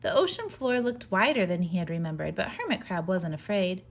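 A preschool teacher reading a picture book aloud to children in a gentle, animated storytelling manner. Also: female voice, fairly low pitch, brisk.

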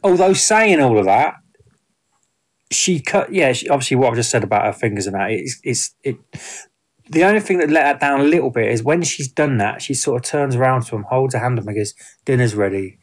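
A man chats through a film review in a casual, unscripted way. He rambles, restarts sentences and leans on fillers as he goes. His voice sits at an ordinary middle pitch for a man. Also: expressive, a little fast.

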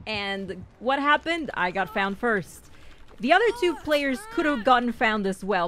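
A young woman streams a game and chats through it, excitable and quick to repeat herself. Her voice sits a little high and swings widely in pitch. She talks straight to her teammates in a casual, running commentary. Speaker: gaming streamer.

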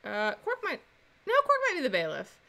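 A woman streaming a game and chatting casually. She is giggly and self-mocking, and her voice sits fairly high and sounds bright. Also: wildly swooping pitch, normal speed, vocal fry. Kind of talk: casual let's-play chat.

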